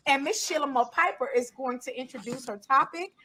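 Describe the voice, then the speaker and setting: A woman's voice: sits high, a little fast, sharp tone, a little hiss or hum. A woman hosting an online music panel, effusive and exuberant, often repeating her phrases. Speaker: panel host. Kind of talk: enthusiastic live panel hosting.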